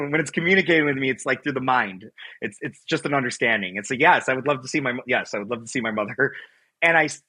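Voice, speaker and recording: Husky, bright-voiced man telling a story. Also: mid-range voice, rough recording. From Buffalo, New York. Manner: animated, rambling with restarts and acted-out quotes. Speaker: guest. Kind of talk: personal storytelling in an interview.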